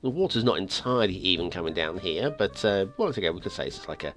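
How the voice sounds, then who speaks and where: Fast and chatty, a man hosts a game map review show, his casual video game commentary full of restarts and stammers. His pitch swings in a lively way, his voice is going hoarse, and faint music plays behind him.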